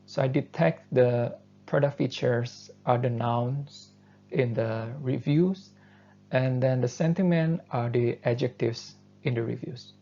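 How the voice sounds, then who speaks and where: A man who is not a native English speaker, giving a university lecture and explaining step by step, often pausing on fillers. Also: mid-range voice. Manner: thoughtful, steady explaining with frequent fillers. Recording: dull lo-fi lecture recording.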